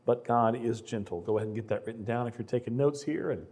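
A man's voice: mid-range voice, quick pace, warm tone, slightly rough. A middle-aged man preaching a conversational sermon, often repeating words as he starts a sentence. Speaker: pastor.

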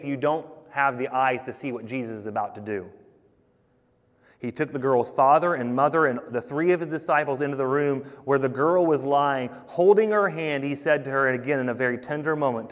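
A man preaching a sermon, conversational and emphatic, talking to the congregation as guys. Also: mid-range voice. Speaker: pastor. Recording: long hall reverb.

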